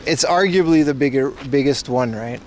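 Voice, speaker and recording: A man's voice: medium pitch, normal speed, darkish tone, slight background noise. A man in his thirties from Boston, chatting loosely with his livestream viewers in a rambling, jokey way. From Boston, USA. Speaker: IRL livestreamer. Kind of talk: casual chat with stream viewers. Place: outdoors in Japan.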